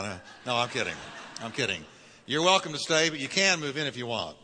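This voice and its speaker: A man's voice: mid-range voice, pushed and bright, big-room sound. A man pastor giving a sermon to his church, folksy with joking asides to the congregation. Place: church sanctuary.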